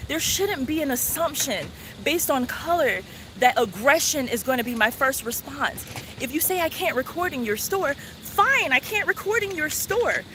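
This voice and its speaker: A woman vlogger telling a story in a casual, earnest, animated way, with many fillers. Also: high voice, normal speed, a little hiss or hum.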